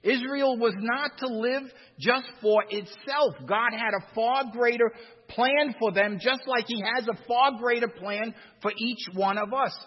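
A man's voice: extremely high pitch, unhurried, slightly rough, big-room sound, highs cut off. A man preaching a sermon as a pastor, with swells of emphasis and repeated phrases.

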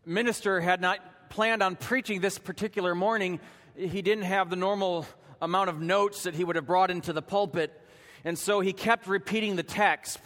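A man preaching a sermon in a church, telling a story dramatically and rising to shouts at its peak. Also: sits high, in a large hall. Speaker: pastor. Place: church sanctuary.

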